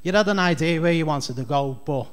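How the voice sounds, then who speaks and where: A man's voice: a little high, fairly quick, clear, resonant tone. A man with a Scouse accent doing a rambling, chatty stand-up comedy set on a club stage. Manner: rambling, chatty, heavy on fillers.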